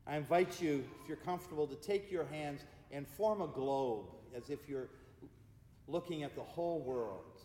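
A man preaching a sermon as pastor, speaking with emphatic repeated refrains and easing into hushed, slow prayer. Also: a little high. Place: church sanctuary. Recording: echoey church hall with long reverb.

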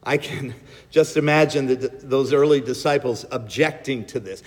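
A male pastor preaching a sermon and leading a breathing prayer, slow and gentle in a measured way. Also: medium pitch. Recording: long echo of a large hall.

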